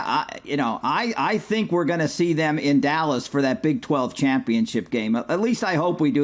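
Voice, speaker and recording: Fairly high-voiced agreeable betting analyst man. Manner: conversational, agreeable, many fillers and restarts. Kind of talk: sports betting podcast chat.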